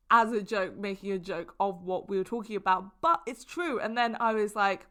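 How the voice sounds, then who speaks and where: A young woman hosting a casual solo podcast, an animated storyteller who exaggerates and laughs often. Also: medium pitch, brisk, few pauses. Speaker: podcast host.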